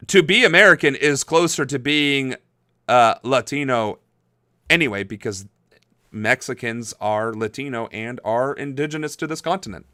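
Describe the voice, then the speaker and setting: Young man, livestream host, casual rambling chat, bright edgy tone, dry close mic. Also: medium pitch, dry recording. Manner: chatty, rambling, laughs easily, many fillers. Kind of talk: casual live-stream chat reading chat messages.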